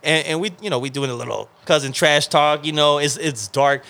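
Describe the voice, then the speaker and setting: A man's voice: fairly high pitch, fairly quick, few pauses, bright, forceful tone. A young man from New York telling a story in casual slangy chat as a podcast co-host.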